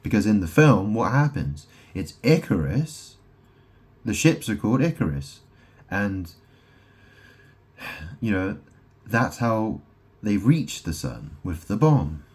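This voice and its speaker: A man giving a rambling solo monologue, making grand declarations, then reading aloud haltingly and stumbling over names. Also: lowish voice, sing-song, darkish tone, slightly rough. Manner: meandering, self-interrupting, reads aloud haltingly. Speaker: self-styled spiritual speaker.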